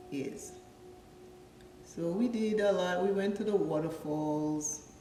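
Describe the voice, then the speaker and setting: A woman with a fairly low voice, from Dominica, talks through a makeup tutorial in a playful, rambling way, sliding into stories from her childhood. She sits back from the mic in an echoey room, and faint music plays behind her. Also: darkish tone, far from the mic. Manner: chatty and playful, drifts into storytelling. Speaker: makeup vlogger. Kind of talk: casual makeup tutorial chat.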